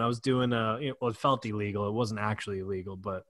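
A man's voice: on the low side, fairly even intonation, fast, a bit bright, a little hiss or hum. A young male podcast host chatting casually with a guest, laid back and full of likes and ums. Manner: laid-back, filler-heavy. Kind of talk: casual chat.

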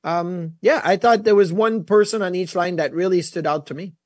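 A man co-hosting a sports talk show, a former goalie telling animated stories in casual chat. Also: sits high, moderate pace, dry recording. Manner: storytelling, animated.

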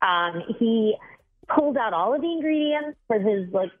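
A young woman's voice comes through a thin, tinny phone line, husky and rising and falling widely. She complains with a sarcastic, exasperated edge, as if she still can't believe what happened. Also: a little high, expressive, normal speed. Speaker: caller on a radio show. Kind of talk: phone call on morning radio.

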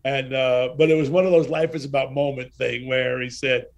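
A man in his sixties, a guest in an interview, telling anecdotes in a casual, animated way and acting out the dialogue. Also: medium pitch, moderate pace, gravelly, lo-fi sound.

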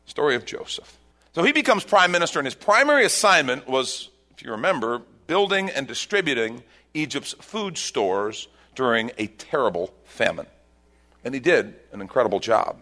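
Animated male pastor preaching. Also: medium pitch, normal speed. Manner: animated storytelling, swings between loud bursts and hushed lines. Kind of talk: sermon.

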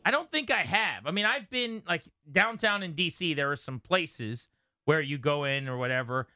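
Bright-voiced man co-hosting sports radio. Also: a little high, animated, no echo, clean studio sound. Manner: upbeat, quick banter, reads callers in. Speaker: radio sports show co-host. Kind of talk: casual radio chat. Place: radio studio. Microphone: studio microphone.

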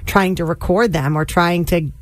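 A woman's voice: fairly low pitch, fairly even intonation, normal speed, no room sound. Woman, radio co-host, casual chat, laughs easily.

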